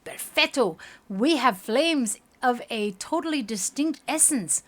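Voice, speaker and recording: A woman voicing an eager woman scientist, reading a game aloud in an excited, exclaiming manner. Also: mid-range voice, normal speed, breathy edge. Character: eager woman scientist peering through a scope.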